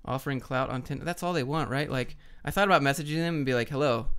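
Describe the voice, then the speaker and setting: A man's voice: medium pitch, quick pace, a bit bright, clear, resonant tone. A young adult man hosting a livestream, answering viewer questions in a blunt, joking, offhand way. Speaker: livestream host. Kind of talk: casual chat reading viewer questions.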